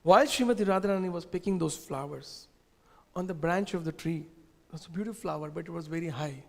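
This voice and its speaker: A man, teaching a scripture class and telling stories in an animated way, asking the audience questions. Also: on the high side, fast, creaky. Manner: animated, asks the audience questions, uses gestures. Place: temple hall. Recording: long reverb in a temple hall.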